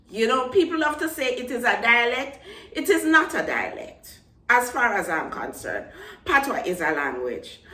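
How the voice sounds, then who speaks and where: Jamaican woman vlogger, middle-aged, bright lively voice, fervent, echoey room mic set back. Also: fairly high pitch. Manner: passionate, mixes Patois phrases into English. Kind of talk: casual chat to camera. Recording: roomy echo, mic at a distance.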